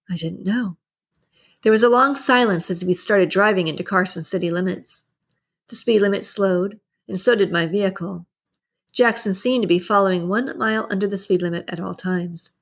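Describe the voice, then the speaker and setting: A woman reading a novel aloud in the first person, steady and measured, and hosting her own reading channel. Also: mid-range voice. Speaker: book reader and channel host. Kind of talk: audiobook narration.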